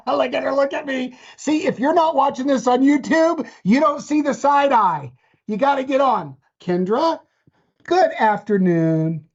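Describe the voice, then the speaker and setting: A man's voice: high voice, big pitch swings, a little slow. A man co-hosting a podcast in casual chat, playful and joking, often restarting his sentences. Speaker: podcast co-host. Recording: dull lo-fi sound.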